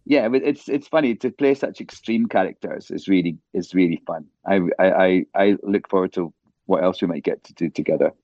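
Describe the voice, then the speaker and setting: Deep-voiced man, slightly muffled. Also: darkish tone, dry recording. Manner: halting, stammers. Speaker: actor guest. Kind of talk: casual interview chat.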